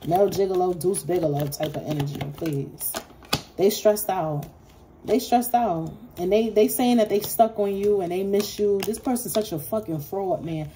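A woman's voice: medium pitch, normal speed, warm tone, slight background noise. Fired-up, swearing woman tarot reader. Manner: blunt, profane and fired up; slangy, with frequent laughs. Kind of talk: casual tarot reading to camera.

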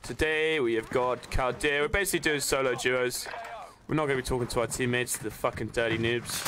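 Chatty young streamer, noisy mix. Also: male voice, medium pitch, steady tone, brisk. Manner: chatty, swears casually, greets viewers by name. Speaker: gaming streamer. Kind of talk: casual live-stream chat.

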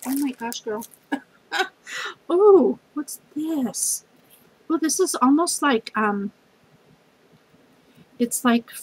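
A woman's voice: fairly high pitch, husky, low-quality recording. A middle-aged woman, gushing as she unboxes a craft gift package for her channel. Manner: gushing, effusive, says y'all.

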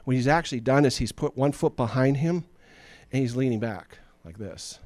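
A man's voice: medium pitch, normal speed, a little mellow, no echo, clean studio sound. A man preaching a sermon as pastor, in a chatty, joking way, often acting out the people in his stories. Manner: conversational and joking, acts out Bible figures.

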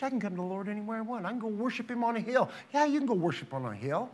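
A man's voice: high voice, very animated, a little fast. A man preaching a sermon as pastor, reading scripture aloud and pressing his point with rhetorical questions. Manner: dramatizes quotes with sudden loud rises.

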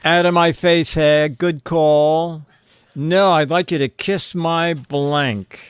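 Slow, fumbling male show host. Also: a little high, fairly even intonation, clear, resonant tone. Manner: slow and fumbling, searching his papers aloud; chuckles at the jokes he reads. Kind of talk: casual streamed chat, reading viewer answers.

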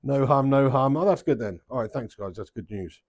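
A man with a medium-pitched voice talks fairly quickly to viewers on a live darts stream. He swears a lot and bursts out excitedly at his throws.

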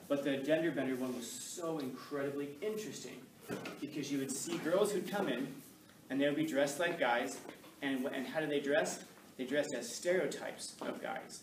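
A man teaches from the front of a roomy, echoing classroom, and the camera sits well back from him. A steady hiss runs under his voice. His talk rambles and jokes, and he acts out the voices of the people he quotes. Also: mid-range voice, fairly quick. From Los Angeles. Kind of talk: classroom lecture. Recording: distant echoey classroom with noise.

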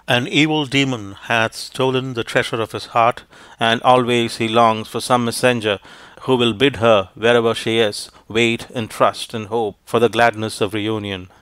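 A bold, kind male monkey messenger with magic powers, read by a male narrator. He speaks in a smooth, even storybook voice. His pitch stays level. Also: moderate pace, dry recording, close to an everyday voice. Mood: mournful.

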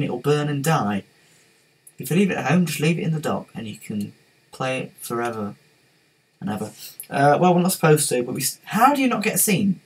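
A man's voice: fairly high pitch, slightly rough, low-quality recording. A man hosting a casual gaming livestream, rambling, giggling and reading out the chat. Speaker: livestream host.

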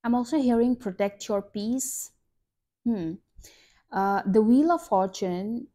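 Excitable woman giving a tarot reading. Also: fairly high pitch, takes it slowly. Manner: excitable, exclaiming, breathy gasps and laughs. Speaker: tarot reader.

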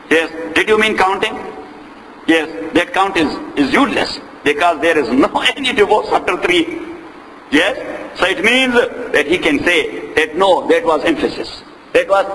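A man's voice: on the high side, animated, moderate pace, pauses often, bright, forceful tone, slight background noise. A man teaching a class on Islamic law, repeating points, asking "got it?" and reciting Arabic. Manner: repetitive, drilling, checks understanding with "Got it?". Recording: long reverb in a large room.

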